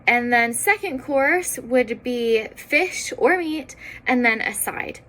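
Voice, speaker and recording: A woman teaching a beginner Italian lesson, explaining words in English and sounding out each Italian word slowly and carefully. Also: a little high, animated, a bit bright, low-quality recording. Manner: slow careful pronunciation of foreign words.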